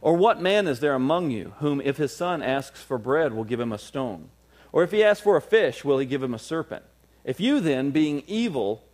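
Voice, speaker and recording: A man preaching a sermon with fervor, moving from quiet low passages to loud, raised ones and acting out everyday scenes. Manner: acts out everyday scenes in small voices. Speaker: pastor.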